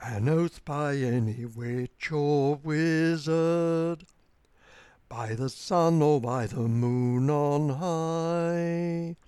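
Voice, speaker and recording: A reader reciting a rhyming verse tale in a lilting, rhythmic, unhurried manner. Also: medium pitch, dark tone, smooth, no echo.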